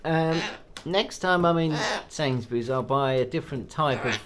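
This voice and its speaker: A man's voice: a little high, normal speed, a bit bright. A man chatting to his pet bird in a vlog, with playful baby talk and cheering. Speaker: pet owner and channel host.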